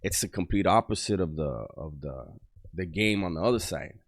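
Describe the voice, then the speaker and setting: A man telling street and prison stories in casual slang, full of restarts and gruff quoted voices. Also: deep voice, lively intonation, moderate pace. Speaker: storyteller on a channel. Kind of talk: casual storytelling.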